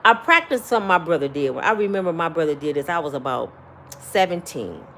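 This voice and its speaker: A woman's voice: deep voice, expressive, a little fast, fairly bright tone, slight background noise. A middle-aged woman talking bluntly and profanely, giving life advice in casual, preachy storytelling.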